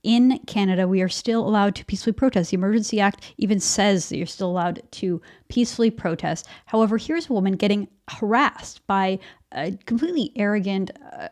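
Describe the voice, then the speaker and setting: A woman's voice: mid-range voice, darkish tone. Woman doing fired-up news commentary, indignant, keeps repeating herself. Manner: indignant, emphatic, with repeated words.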